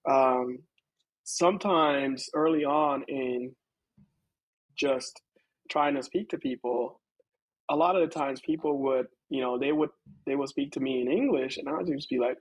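A man's voice: fairly high pitch, measured pace, no room sound, rough recording. A man with an American accent co-hosting a casual talk show, reflective and laughing as he talks. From United States. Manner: reflective, many fillers and restarts, laughs while talking. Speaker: co-host. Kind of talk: casual conversation.

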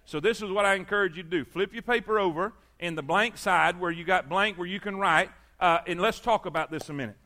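A man's voice: high voice, fairly quick, few pauses, sharp tone. A man preaching a sermon as pastor, repeating phrases for emphasis and calling on his congregation for amens.

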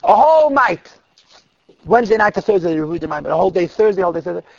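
Man storyteller, high gravelly voice, husky, vivid dramatic telling, dull dry lo-fi recording. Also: expressive, fast talker, no room sound. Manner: vivid, dramatic, drops to a hush at tense moments. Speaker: storyteller speaking to girls. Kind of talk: animated storytelling talk.

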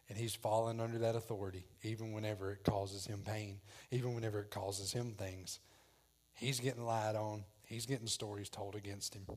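A man preaching a sermon, dramatic as he acts out the voices in the story. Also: medium pitch. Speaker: pastor.

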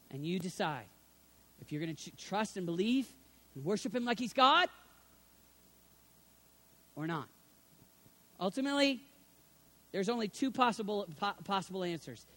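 A middle-aged man preaching a sermon, swinging from hushed, low passages to loud, shouted appeals.

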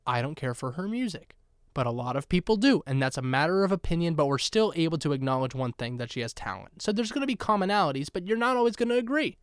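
A young man hosting a solo podcast, talking in a playful, sarcastic and animated way. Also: fairly high pitch, fast, smooth, no room sound, studio quality. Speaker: podcast host.

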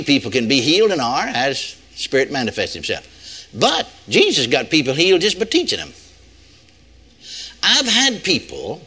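Lively, bright-voiced older preacher. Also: male voice, a little high. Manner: animated, folksy, emphatic repetition. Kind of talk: storytelling sermon.

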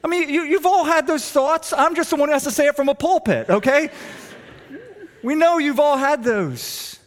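A middle-aged man, preaching a sermon and telling stories, swinging between hushed and emphatic delivery. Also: very high voice, moderate pace. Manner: animated storytelling, shifts between hushed and emphatic. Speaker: pastor.

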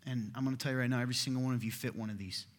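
Racing along in a steady, medium-pitched voice, a pastor in his thirties preaches to a church hall whose echo fills the recording. His sermon feels like a conversation, punctuated again and again by "right?"

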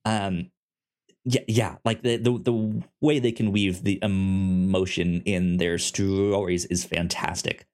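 A man co-hosting a podcast in casual chat, animated, stumbling and repeating the starts of words. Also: slow pace. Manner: animated, stammers on word starts; acts out quotes in a high voice. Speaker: podcast co-host.

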